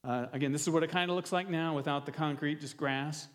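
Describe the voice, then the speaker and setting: A pastor delivering a sermon in a church, talking loosely with restarts and fillers and an earnest tone. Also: male voice, fairly high pitch, fairly even intonation, quick pace, a bit bright, big-room sound. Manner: earnest, gets emotional near the end.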